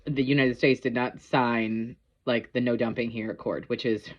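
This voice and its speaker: A woman's voice: rumbling low, fairly even intonation, normal speed, muffled recording. A woman casually reviewing a TV episode, rambling with lots of ums and likes. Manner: rambling, filler-heavy, chatty.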